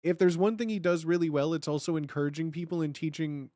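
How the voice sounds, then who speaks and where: A young man streaming live, chatting casually and excitedly, rambling with lots of fillers and restarts. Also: on the high side, quick pace, dry recording.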